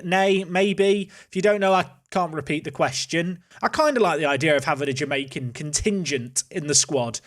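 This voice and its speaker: A man's voice: high-pitched, a bit bright. A man hosting casual gameplay commentary, chatty and thinking aloud as he plays. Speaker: host.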